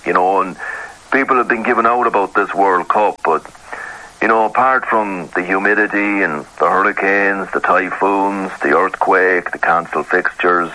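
A man's voice: low-pitched, sharp tone, rough recording. A man doing an impression of an easygoing Irish rugby pundit who talks in a rambling, colloquial, laid-back way. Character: easygoing middle-aged male rugby pundit, unbothered. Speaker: rugby pundit reporting from abroad. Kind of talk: comedy sketch impression.

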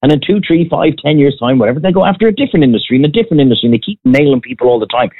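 A man's voice: a little high, lively intonation, racing, slightly rough. An Irish man in casual chat, ranting bluntly and with some profanity. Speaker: podcast guest, former restaurant owner. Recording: tinny phone-like sound.

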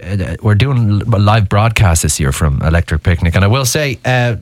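A man's voice: lowish voice, lively intonation, normal speed, dry recording. Chatty Irish radio host, man. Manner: chatty, jokey, stumbles over words. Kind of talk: casual radio interview. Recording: dry studio, faint music behind.

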